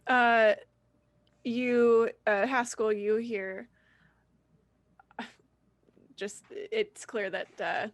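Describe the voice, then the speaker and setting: A woman running a tabletop game as game master, narrating with halting fillers. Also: fairly high pitch, steady tone.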